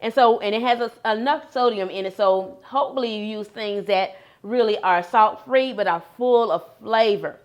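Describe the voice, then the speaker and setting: Woman doing a cooking demo, middle pitch, steady and practical. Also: moderate pace, few pauses. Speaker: cooking demonstrator. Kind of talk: cooking demonstration.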